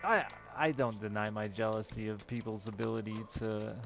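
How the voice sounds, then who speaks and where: A man live streaming a game, chatting casually with a sardonic, self-deprecating manner and a gravelly voice. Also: fairly low pitch, moderate pace. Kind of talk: casual chat while playing a game on stream. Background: game music.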